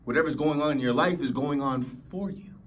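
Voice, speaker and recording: Emphatic motivational man, raised pitch. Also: fairly quick, slight background noise. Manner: emphatic, preachy, acts out whiny complainers. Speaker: motivational podcast host. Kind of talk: motivational talk.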